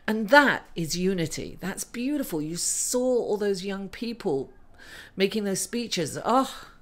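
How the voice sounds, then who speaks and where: A woman's voice: mid-range voice, expressive, measured pace. A middle-aged woman reading tarot cards for her viewers in an earnest, casual spiritual talk, sometimes laughing through tears. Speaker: astrology and tarot reader.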